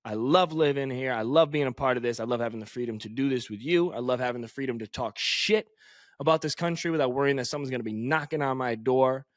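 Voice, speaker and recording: A man's voice: medium pitch, fast, no echo. Ranting American man, dry studio sound. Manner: ranting, emphatic, profane. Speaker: podcast co-host. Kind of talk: opinionated casual chat. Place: podcast studio.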